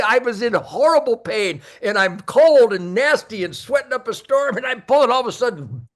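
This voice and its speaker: An older man, a podcast guest, telling hunting stories with emphasis, repeating words and acting out his own shouts. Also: extremely high pitch, animated, moderate pace, hardly any pauses. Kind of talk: animated hunting storytelling.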